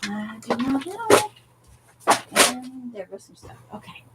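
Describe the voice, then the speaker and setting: A woman's voice: sits high, sing-song, slow pace, very noisy. A woman hosting a casual crafting livestream from her craft space at home, rambling and talking to herself as she digs through her supplies. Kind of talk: casual live-stream chat.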